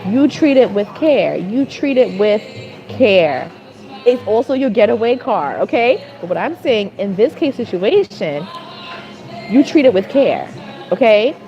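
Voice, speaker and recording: A woman vlogger telling a story as a rant, animated and exasperated, repeating phrases for emphasis. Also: mid-range voice, unhurried, dull audio, soft background music.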